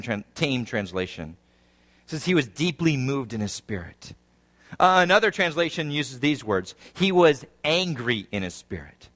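A man preaches a sermon, his voice sitting high for a man. He moves between reading scripture and explaining it, his pitch swinging widely as the intensity rises and falls. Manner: expressive preaching, rising and falling intensity; reads scripture, then explains it. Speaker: pastor.

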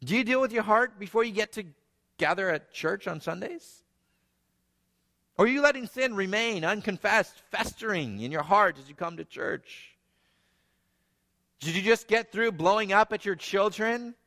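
Male preacher, fairly high, bright voice, hushed-to-emphatic delivery, big church reverb. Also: lively intonation, moderate pace. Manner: earnest preaching, swinging between hushed and emphatic. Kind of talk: sermon.

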